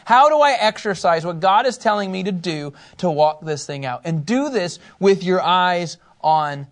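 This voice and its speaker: A man teaching a Bible lesson to a small group in a conversational, animated way, laughing often. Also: high-pitched.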